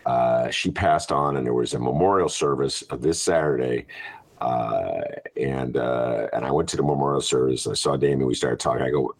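A man's voice: extremely low pitch, moderate pace, gravelly, slightly rough. A man hosting a casual podcast chat, rambling and joking with plenty of fillers. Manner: rambling, jokey, lots of uh fillers. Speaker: radio show host.

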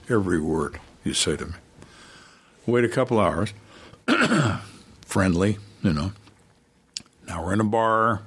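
Husky older man telling stories. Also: fairly low pitch. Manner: calm, dry, acts out suspects' lines. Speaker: retired homicide detective, guest. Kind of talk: storytelling in interview.

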